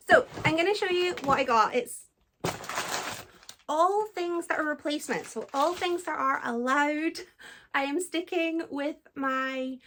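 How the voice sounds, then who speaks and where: A young woman with a Scottish accent talks through her week in a loose, chatty way. Her voice sits high and she laughs easily, often poking fun at herself. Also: fairly bright tone. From Scotland. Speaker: book vlogger. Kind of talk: casual vlog chat.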